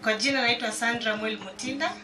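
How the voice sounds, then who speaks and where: A woman's voice: on the high side, quick pace, reverberant, far from the mic, crowd noise. A woman from Kenya exhorting schoolchildren to study hard and asking them questions. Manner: exhorting, asks the children questions. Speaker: guest speaker. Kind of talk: Swahili speech to pupils.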